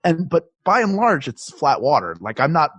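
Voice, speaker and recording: A man's voice: on the high side, very animated, normal speed, fairly bright tone, slightly rough, dry recording. A man co-hosting a comedy podcast from his home, talking in a rambling, self-interrupting way and laughing often. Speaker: podcast co-host. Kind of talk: casual chat. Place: his home, recording remotely.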